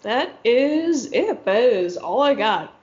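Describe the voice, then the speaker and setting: A woman co-hosting a podcast, upbeat and quick to laugh in casual chat. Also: fairly high pitch, sing-song, a little mellow, muffled recording, slight background noise. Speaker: podcast co-host.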